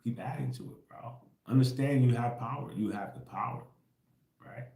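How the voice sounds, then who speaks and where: A livestream host with a mid-range, warm, creaky voice speaks at a moderate pace, and the audio sounds roomy. His casual spiritual rant is full of slang and profanity, insistently repetitive, broken up by laughter and a habitual "right?"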